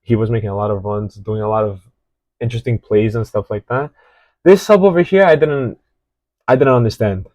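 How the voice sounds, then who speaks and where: A man's voice: fairly low pitch, steady tone, brisk, a little mellow, no room sound, low-quality recording. Rambling man breaking down a football match. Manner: rambling, hesitant, many fillers and restarts. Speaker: football reaction host. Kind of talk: casual match analysis.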